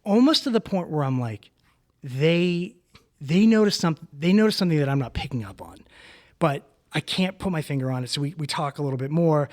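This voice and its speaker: A man co-hosting a podcast, telling a story in a casual, rambling way and swearing freely. He jumps up in pitch to act out other people's lines. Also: animated, fairly quick. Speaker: podcast co-host.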